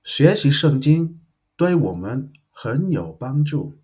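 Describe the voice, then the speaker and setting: A man's voice: medium pitch, very animated, slow, a little mellow, husky. A man teaching a grammar lesson, explaining carefully and methodically with worked examples. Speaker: Chinese language teacher.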